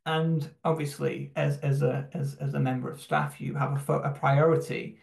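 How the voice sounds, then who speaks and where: A young man speaks on a video call, his voice gravelly with a touch of fry. He talks in a reflective, halting way, full of fillers and restarts. The sound carries a roomy echo from the space he is in. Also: mid-range voice, flat delivery. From United Kingdom. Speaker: church human rights team member. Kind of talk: personal testimony talk on a video call.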